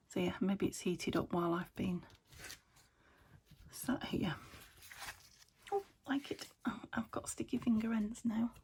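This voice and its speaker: Chatty crafting woman, gravelly voice. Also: fairly low pitch, unhurried, darkish tone, a little hiss or hum. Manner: chatty, talks to herself, often drops to a whisper. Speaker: craft vlogger. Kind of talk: casual chat while crafting. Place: home craft room by a window.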